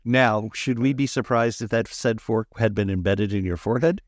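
Male co-host, low voice, dry-witted sidekick who chimes in with quips. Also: moderate pace, dry recording. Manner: dry wisecracks, frequent listening murmurs. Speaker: podcast co-host. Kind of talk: casual chat.

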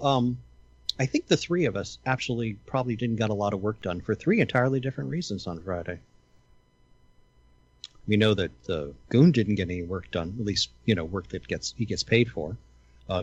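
An older man hosting a casual chat, dry and sarcastic, chuckling often, with a husky voice. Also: lowish voice, lively intonation, fairly quick, muffled recording.

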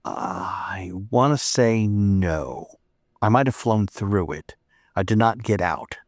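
A man's voice: on the low side, expressive, takes it slowly, dry recording. A man chatting as a podcast co-host, with dry and laconic comments. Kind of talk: casual chat.

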